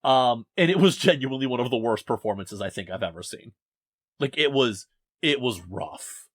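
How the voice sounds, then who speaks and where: A man's voice: mid-range voice, animated, normal speed, fairly bright tone, no echo, studio quality. A young man hosting a casual podcast from his basement, rambling and self-deprecating as he talks. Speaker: podcast host. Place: home basement.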